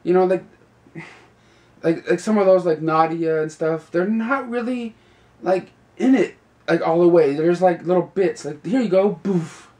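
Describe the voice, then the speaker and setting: A man's voice: high voice, unhurried, darkish tone. A young man giving a casual, rambling review, leaning on fillers like "you know" and "like" and laughing often. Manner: laughs often while talking. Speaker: video reviewer.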